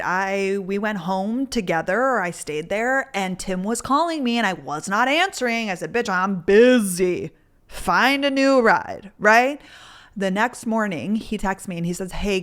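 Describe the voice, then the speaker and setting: A young woman talks into her podcast mic in a loose, candid storytelling voice, dropping swear words as she goes. Her pitch sits in an ordinary middle range for a woman. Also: fairly bright tone. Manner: candid, chatty, swears freely. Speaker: podcast host. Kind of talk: casual storytelling.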